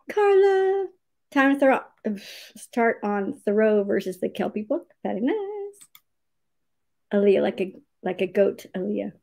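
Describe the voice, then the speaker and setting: A woman's voice: medium pitch, gravelly, darkish tone. A woman hosting a casual livestream writing sprint, cheerfully greeting viewers by name, reading their comments aloud and laughing often.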